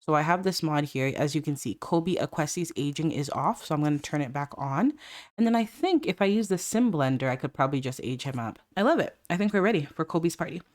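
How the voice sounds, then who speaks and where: A woman's voice: sits low, expressive, fairly quick. A woman hosting a casual let's play, chatting and giggling as she plays and voices her characters' lines. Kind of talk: casual gameplay commentary.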